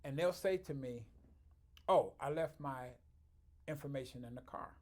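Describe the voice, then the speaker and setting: A chiropractor telling stories in an interview, acting out other people's voices and swinging from quiet to loud. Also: male voice, mid-range voice, unhurried. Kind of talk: storytelling interview.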